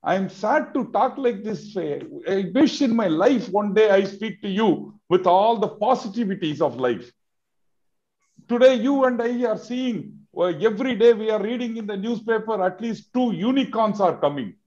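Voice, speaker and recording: A man's voice: high voice, animated, normal speed, dull audio. A man with an Indian English accent, speaking emphatically in a discussion and firing off rhetorical questions. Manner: emphatic, rhetorical questions, rising to loud outbursts. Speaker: business advocate in a televised discussion. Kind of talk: impassioned discussion.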